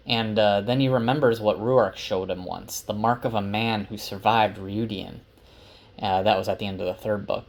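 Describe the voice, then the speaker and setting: A man's voice: lowish voice, steady tone, moderate pace, vocal fry. A man casually retelling a book's chapters for his wife, chatty and loose with many fillers. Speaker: book summarizer. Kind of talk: casual story recap.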